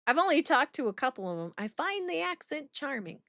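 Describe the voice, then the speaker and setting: A woman's voice: sits high, sing-song, a little fast, fairly bright tone, no room sound, studio quality. A woman streamer chatting through a game reaction in a blunt, profane, giggly way.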